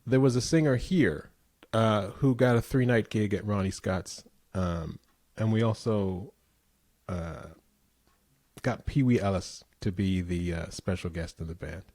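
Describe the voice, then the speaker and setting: A middle-aged man guest in an interview, telling relaxed anecdotes with easy laughter. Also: on the low side, measured pace, dry recording, clean studio sound. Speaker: guest musician. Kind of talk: casual interview chat.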